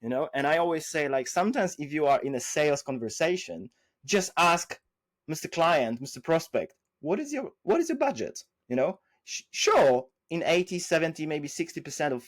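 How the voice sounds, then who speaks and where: A man telling business stories as a podcast guest, acting out dialogue with lively jumps and frequent restarts. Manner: animated, acts out quoted dialogue with big pitch jumps; many restarts and fillers, non-native phrasing. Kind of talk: casual interview storytelling.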